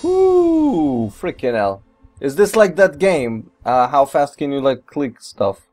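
Brief: male let's player, mid-pitched, excitable and rambling, with non-native English phrasing. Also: measured pace, soft background music. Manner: excitable, rambling, mild swearing. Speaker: let's play gamer. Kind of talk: gameplay commentary.

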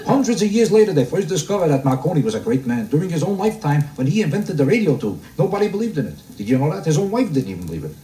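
A man doing a stand-up routine for a live audience, grumbling deadpan and tossing rhetorical questions at the crowd. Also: on the high side, racing, hardly any pauses. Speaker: stand-up comedian. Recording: roomy live club recording, mic heard from a distance. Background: audience laughter.

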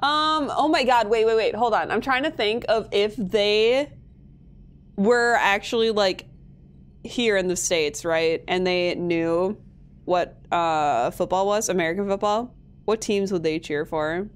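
A woman's voice: mid-range voice, measured pace, clean tone. A young woman from Minnesota giving casual gameplay commentary, chatty, swearing freely and laughing often. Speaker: streamer.

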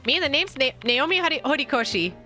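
A woman's voice: high-pitched, animated, fast talker, sharp tone, faint music behind, voice pushed up. A woman voicing a prickly, defensive teenage schoolgirl in a horror game, snapping and mocking.

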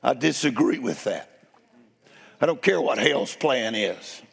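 Folksy gravelly preacher with a drawl. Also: male voice, mid-range voice, expressive, unhurried, a bit bright. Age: older. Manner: folksy, playful, addresses crowd as y'all. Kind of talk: sermon storytelling. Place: church sanctuary. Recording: long hall reverb.

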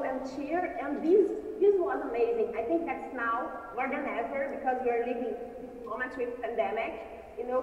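A woman from Brazil with a Brazilian accent, whose first language is Portuguese, giving an emotional thank-you speech close to tears. She is excited and stumbles over her words. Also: high voice, highs cut off. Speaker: competition contestant. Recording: echoey distant video call audio.

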